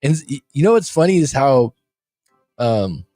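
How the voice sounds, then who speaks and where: A man with a medium-pitched, dark voice and big swings in pitch speaks at a measured pace in a dry recording. Hosting his coaching show as a casual livestream from a room abroad by street windows, he rambles, jokes and reads the chat aloud.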